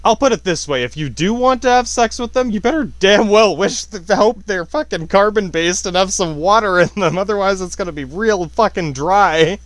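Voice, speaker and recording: Podcast host, man in his thirties, high voice, dry close sound, rambling and profane, keeps cutting himself off. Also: moderate pace, few pauses, fairly bright tone, no room sound. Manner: rambling, profane, self-interrupting, laughs often. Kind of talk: rambling profane monologue on science.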